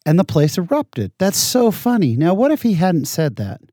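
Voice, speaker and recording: A man in casual conversation as a guest, telling animated, self-deprecating anecdotes. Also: high-pitched, moderate pace, no echo, clean studio sound.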